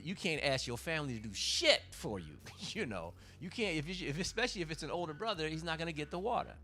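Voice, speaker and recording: A man's voice: medium pitch, bright, forceful tone. A man, a comedian hosting a livestream, talking in a casual monologue that is emphatic, profane and rambling, with restarts.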